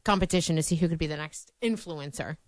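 A woman's voice: low-pitched, fast, no room sound, studio quality. A young woman co-hosting a radio show, chatting casually and self-deprecatingly. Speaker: radio co-host. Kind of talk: casual chat.

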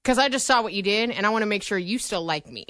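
A young adult woman co-hosting a radio show, telling stories in a casual, animated way and laughing often. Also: medium pitch, fast, dry recording, clean studio sound. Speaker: radio co-host.

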